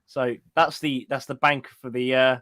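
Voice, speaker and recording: A man's voice: medium pitch, flat delivery, moderate pace, fairly bright tone, dry recording. A man hosting a live stream, chatting casually, joking, laughing often and putting on silly voices. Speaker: stream host.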